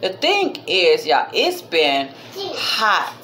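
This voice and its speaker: A mother who vlogs chats casually to camera, heartfelt and religious, rambling and addressing her viewers as "y'all," with one minor cough. Her fairly low voice swoops wildly in pitch and moves extremely slowly. Crowd noise fills the background.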